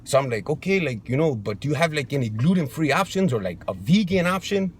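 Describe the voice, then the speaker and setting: A man's voice: a little high, animated, fairly quick, slightly rough. A man playing a macho young street guy who gets defensive, talking in a slangy drawl and calling everyone fool. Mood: rambling. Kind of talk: comedy sketch monologue.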